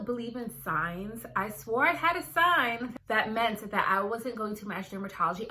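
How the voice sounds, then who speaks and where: A young woman, a dermatology resident, chatting casually to her viewers in an animated storytelling vlog. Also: mid-range voice. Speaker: dermatology resident, video creator.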